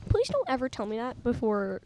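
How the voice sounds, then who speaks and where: Teen girl, playful co-host, warm mellow tone. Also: on the high side, very animated, fairly quick, a little hiss or hum. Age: teens. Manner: playful, teasing. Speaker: student show co-host. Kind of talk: casual chat.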